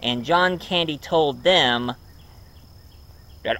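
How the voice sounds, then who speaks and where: A man's voice: medium pitch, lively intonation, measured pace, fairly bright tone. A man casually reviewing a movie at home, rambling with many ums and uhs. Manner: rambling, full of ums and uhs, chuckles often.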